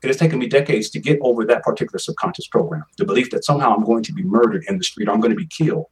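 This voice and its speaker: A man's voice: mid-range voice, racing, slightly rough, recorded from a distance, poor audio. A man in his forties telling a personal story as an interview guest, earnest and emphatic, often repeating his words. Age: 40s.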